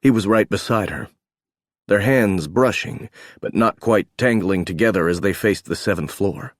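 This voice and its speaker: Low-voiced male audiobook narrator. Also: normal speed, no echo, studio quality. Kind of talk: scripted narration.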